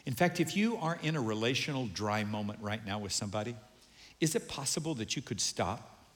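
A male pastor preaching a sermon, animated and humorous, acting out the voices of the people he quotes. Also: mid-range voice, a little fast. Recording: long hall reverb.

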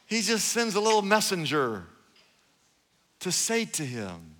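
A man preaching a sermon as pastor, animated, retelling Bible stories with repeated phrases. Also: high-pitched, a little slow. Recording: long echo of a large hall.

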